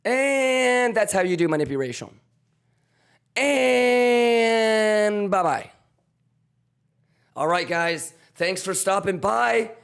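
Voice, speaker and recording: Hoarse gravelly man hyping his stream. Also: high voice, expressive, moderate pace, hardly any pauses. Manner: loud, swaggering, profane hype with chants. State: hoarse, voice almost gone. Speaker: trading livestream host. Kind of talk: hyped livestream chat. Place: home.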